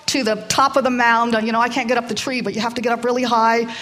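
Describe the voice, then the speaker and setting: A woman's voice: fairly high pitch, level tone, fast talker, a bit bright, close to an everyday voice. A woman voicing a wise, encouraging farm pig in a children's story, in a chatty, coaxing manner, with a long hall echo. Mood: urging.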